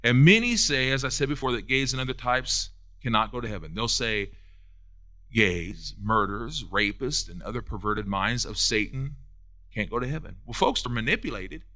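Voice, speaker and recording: A man delivers a sermon, his pitch swinging widely as he presses his points. His voice carries a bright, forceful edge, and he drives ideas home by repeating them. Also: expressive. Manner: preaching with rising emphatic peaks and quick repetitions. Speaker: preacher.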